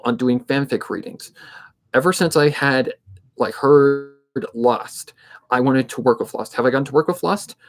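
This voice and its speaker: A man in his twenties chats casually on a livestream, his voice sitting at an ordinary middle pitch. He talks in a steady, somewhat monotone way. He rambles and thinks aloud with plenty of fillers, like a narrator of fan readings. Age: 20s.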